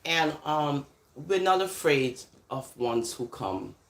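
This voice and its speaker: A woman's voice: low voice, animated, takes it slowly, echoey room. A woman chatting casually on a live stream, laughing often and switching between patois and standard speech. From born in England, raised in America. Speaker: live-stream host answering comments.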